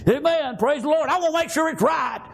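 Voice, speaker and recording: A fervent male preacher, his voice unusually high for a man, delivers a sermon at a brisk pace with vocal fry. He sprinkles "praise God" and "amen" into nearly every line.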